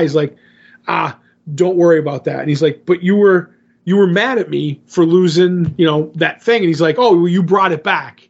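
A man talks through a comic book plot in a loose, rambling podcast chat, paraphrasing what the characters say. His voice sits a bit high for a man. The recording sounds muffled and lo-fi. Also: moderate pace, vocal fry, slightly rough. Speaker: podcast co-host. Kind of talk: casual comic book recap.

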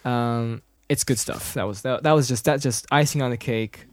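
A man in a casual movie commentary chat, animated, humming the score and acting out bits of dialogue. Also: mid-range voice, normal speed, no room sound. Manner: animated, hums movie music and acts out lines.

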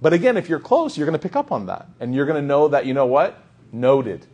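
A man giving a casual sermon to a live audience, talking in a relaxed, conversational way, repeating lines for emphasis, often asking "right?" and quoting Arabic scripture. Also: fairly high pitch, fairly quick. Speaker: Islamic preacher.

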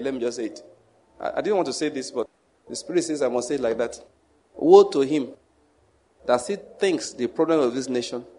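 A man, preaching a sermon as pastor, reading scripture slowly and leading the congregation in repeated prayer. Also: fairly high pitch, a little mellow.

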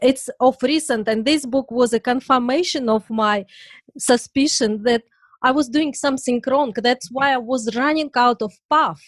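A woman's voice: high-pitched, moderate pace, dry recording. A woman co-hosting a podcast, asking questions and reflecting earnestly. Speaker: podcast co-host. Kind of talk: podcast interview.

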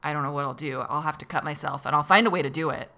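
A woman's voice: low voice, fast, sharp tone. A woman voicing a volatile, angry young woman who is a psychiatric patient in an educational role-play. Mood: clingy. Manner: hostile, then clingy and pleading.

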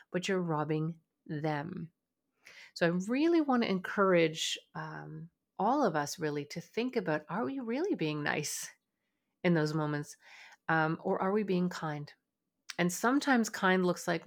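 A woman hosts a parenting podcast in an earnest, motivational way, her voice sitting a little low. She often slips into short acted-out lines of what a parent might say to a child. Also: vocal fry. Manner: earnest, acts out parent dialogue. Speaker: podcast host and parenting coach.

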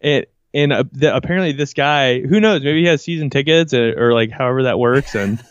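A man's voice: medium pitch, fairly quick, dry recording. A man in casual chat, retelling anecdotes with laughter in his voice. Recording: slightly dull lo-fi audio.

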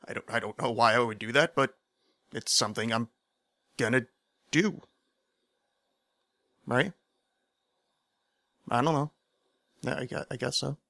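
A man's voice: mid-range voice, unhurried, creaky, pauses often, fairly bright tone, dry recording, clean studio sound. A man hosting his own podcast, rambling through a casual monologue, interrupting himself and poking fun at his own ideas. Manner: rambling, self-deprecating, digressive. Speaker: podcast host.

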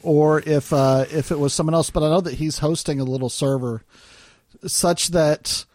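A man's voice: fairly high pitch, fairly even intonation, normal speed, darkish tone. A man from Arkansas co-hosting a podcast, talking casually with lots of fillers and restarts. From Arkansas, United States. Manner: hesitant, many fillers and restarts. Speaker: podcast co-host. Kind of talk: casual chat.

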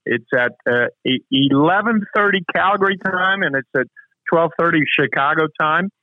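A man's voice: fairly high pitch, normal speed, dry recording. A man coaching with emphatic rhetorical questions as a guest on a talk show. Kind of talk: motivational interview talk. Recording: tinny phone-like remote line.

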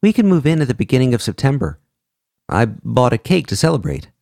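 A man voicing a gentle mother who talks soothingly to her young son. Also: medium pitch, sing-song, brisk, creaky, dry recording, studio quality, pitched above the performer's own voice. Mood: tender. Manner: soft, reassuring.

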